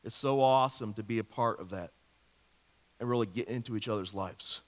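A man's voice: lowish voice, fairly quick. Man preaching in a reverberant church. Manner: animated, jokey storytelling with rhetorical questions. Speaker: pastor. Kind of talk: sermon. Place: church sanctuary. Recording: long hall reverb of a church.

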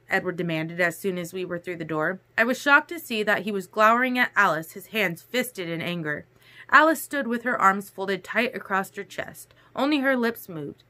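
A woman narrating a novel aloud in the first person, in a steady reading voice. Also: mid-range voice, moderate pace. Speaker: audiobook reader.

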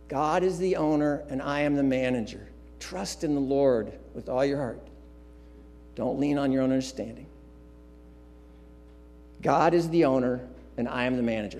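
Speaking in a large church sanctuary, a pastor delivers an emphatic, repetitive sermon sprinkled with casual asides and filler sounds. His mid-range voice is a little mellow.

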